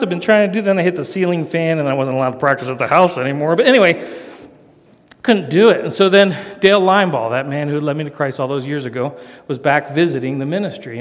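A middle-aged man tells a folksy story from the stage of a big hall, and his long echo carries across the room. His voice sits a bit high for a man, and he pokes fun at himself as he goes. It comes across as a storytelling sermon for a live audience. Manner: folksy, self-mocking, animated storyteller. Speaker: speaker doing rope tricks for a church audience.

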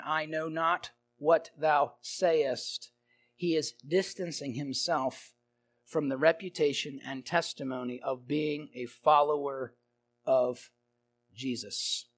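Slow, emphatic male preacher. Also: fairly high pitch. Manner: emphatic, rising and falling in volume, repeating phrases. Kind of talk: expository sermon.

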